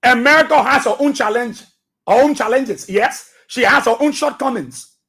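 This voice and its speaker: In a radio studio, a Liberian English-accented man delivers an emphatic commentary monologue as talk show host, leaning on repetition and rhetorical questions. His very high voice moves at a moderate pace, sharp in tone with a breathy edge.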